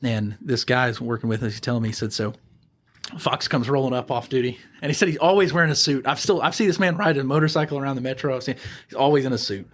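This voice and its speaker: A man, a podcast guest, telling animated stories in casual chat and acting out the people in them. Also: medium pitch, fast. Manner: animated storyteller, acts out voices. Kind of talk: casual storytelling.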